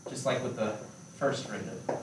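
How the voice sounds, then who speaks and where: A man's voice: mid-range voice, a little fast, a little hiss or hum. A man teaching a calculus class, explaining ideas playfully and checking in with questions. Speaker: math lecturer. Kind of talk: classroom lecture. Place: lecture room. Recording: echoey lecture room, distant mic.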